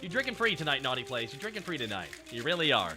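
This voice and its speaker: A young man hosting a live stream, excitedly shouting out and thanking donors in quick, energetic bursts. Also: medium pitch, faint music behind. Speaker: streamer host.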